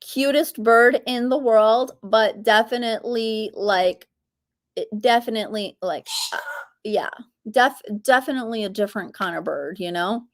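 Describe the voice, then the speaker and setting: Speaking at a measured pace in a voice on the high side, a woman hosts a relaxed live Q&A stream. She's chatty, reads out comments from viewers, talks freely, and coos to her bird now and then.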